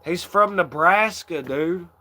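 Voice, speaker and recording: A man's voice: high voice, slow pace, sharp tone. A young man hosting a casual chat, rambling in a laid-back way, swearing often and laughing along. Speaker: channel host.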